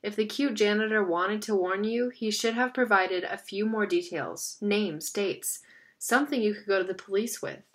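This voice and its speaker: A woman voicing a bossy, sharp-tongued teenage girl in a read-aloud story. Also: medium pitch, moderate pace, natural voice.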